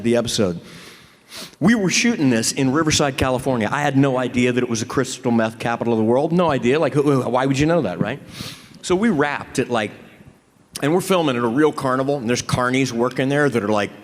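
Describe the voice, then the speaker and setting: A man on a convention panel, telling a profane, animated story with many restarts. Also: medium pitch. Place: large convention hall. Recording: reverberant hall.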